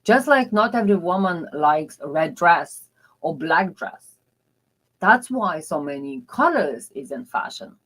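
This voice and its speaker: Woman love coach, low voice, very unhurried; earnest, confiding, non-native English with loose grammar. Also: very animated, fairly bright tone, husky, poor audio. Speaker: love and dating mentor. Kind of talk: motivational personal storytelling.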